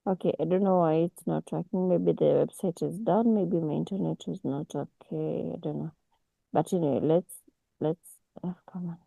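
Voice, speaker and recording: Low, gravelly-voiced woman teaching. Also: warm tone, dry recording, rough recording. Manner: unhurried, with many restarts and fillers. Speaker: forex mentor. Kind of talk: casual online class. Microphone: video call.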